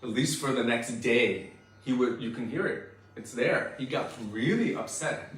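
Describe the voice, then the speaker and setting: A man's voice: mid-range voice, animated, a little slow. Emphatic male spiritual teacher, echoey. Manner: earnest, emphatic, forceful preaching. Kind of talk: devotional scripture lecture. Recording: very echoey room, mic far off.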